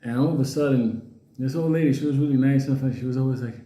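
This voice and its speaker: A man telling a comedic story in a rambling, casual way, laughing at his own jokes and putting on high voices for the characters. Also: fairly even intonation, quick pace, mellow, reverberant.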